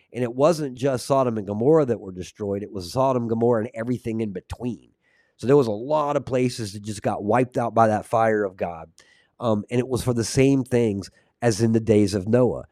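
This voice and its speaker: A man's voice: lowish voice, warm tone, no room sound, clean studio sound. A man hosting a Christian podcast, reading scripture aloud and preaching in a casual, fervent way, with asides to his chat. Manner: earnest, reads verses aloud, drifts into asides to chat viewers; fillers and restarts, fervent and condemning tone.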